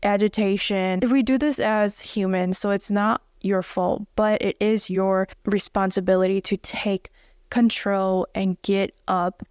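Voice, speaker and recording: A woman's voice: mid-range voice, steady tone, measured pace, a little mellow, smooth, no room sound, studio quality. A young woman giving an earnest, direct motivational self-help talk as a wellness coach. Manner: earnest and direct, blunt at times.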